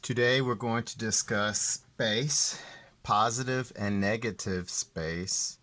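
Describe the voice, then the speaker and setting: A man teaching art, explaining ideas slowly and deliberately and repeating the key terms. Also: on the low side, pushed and bright. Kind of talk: classroom explanation.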